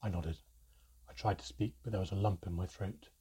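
Husky, low-voiced man narrating a storybook. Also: fairly even intonation, a little fast, mellow. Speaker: audiobook narrator. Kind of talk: first-person storybook narration.

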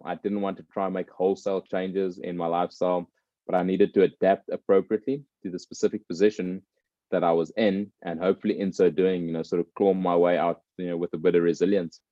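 Casting note: man with a very low, warm voice, reflective storyteller, dry muffled recording. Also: no room sound. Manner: thoughtful, tells stories with voiced characters. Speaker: former rugby player. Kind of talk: reflective conversation.

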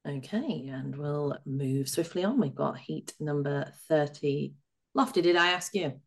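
Low-voiced woman hosting a betting podcast. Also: gravelly. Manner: brisk, runs through lists and hands over to guests. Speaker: podcast co-host. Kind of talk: betting preview chat.

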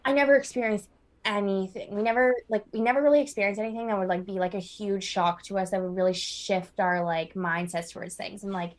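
A woman's voice: mid-range voice, steady tone, fast talker. A woman in her twenties, a podcast guest, talking in a rambling casual way with many fillers. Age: 20s. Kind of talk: casual chat.

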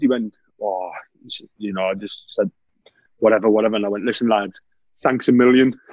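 A man's voice: mid-range voice, normal speed, pauses often, no echo, lo-fi sound. A man, a former footballer telling laughing anecdotes in casual chat. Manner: laughing, animated anecdotes with lots of "mate".

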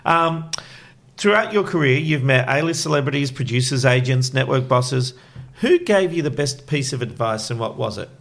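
A man's voice: medium pitch, animated, normal speed, vocal fry, fairly bright tone. A young man hosting an interview, asking plain direct questions and chiming in with brief encouraging interjections. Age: young adult. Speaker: interview host. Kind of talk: casual interview chat.

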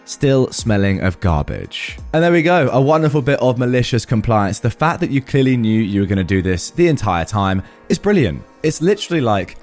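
A man narrates stories with a lively, swooping delivery. His pitch sits in the middle and leans hard on punchlines. Soft music plays faintly behind him. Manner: lively, dramatic storytelling with punchy emphasis. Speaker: podcast host reading stories.

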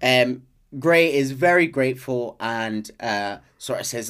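A man's voice: medium pitch, moderate pace. Rambling British storyteller man. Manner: rambling storyteller, many ums and restarts, slips into quoted voices. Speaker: podcast host recounting a game's story. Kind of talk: casual chat.

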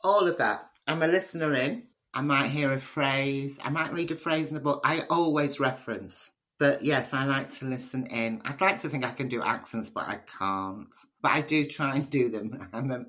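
A woman's voice: very deep voice, moderate pace, hardly any pauses. Chatty woman telling stories. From Liverpool, England. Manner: chatty, storytelling, animated. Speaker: poet, interview guest. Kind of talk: conversational interview answers.

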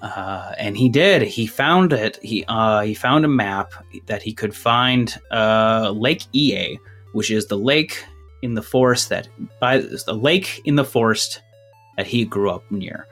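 A man's voice: on the low side, slow, a bit bright, soft background music. A man running a tabletop game as game master, rambling through rule changes and a recap, a bit out of breath. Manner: rambling, self-interrupting, laughs at his own jokes.

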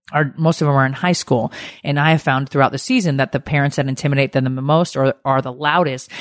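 A woman's voice: low-pitched, no echo, clean studio sound. A middle-aged woman co-hosting a podcast, ranting in a heated, swearing casual chat. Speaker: podcast co-host.

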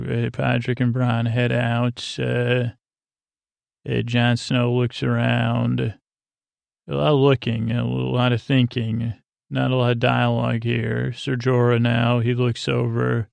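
A man's voice: medium pitch, takes it slowly, creaky, clear, resonant tone, dry recording. A man casually recapping a TV episode in a rambling, drowsy way, full of filler words. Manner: rambling, many uh fillers, flat drowsy delivery. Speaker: podcast host recapping a TV episode.

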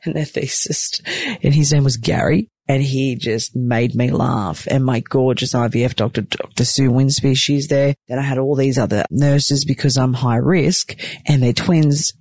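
A woman telling a personal story in a casual, animated way, acting out what everyone said and swearing freely. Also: rumbling low, dry recording. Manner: animated, acts out the other people's lines.

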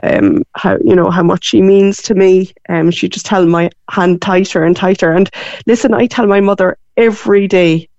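A woman of forty with a Cork accent, chatting as a guest in a lively storytelling way. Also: mid-range voice, moderate pace, dry recording, muffled recording. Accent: Irish, Cork. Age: 40s. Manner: animated storytelling, voices her mum's lines. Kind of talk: casual phone interview.

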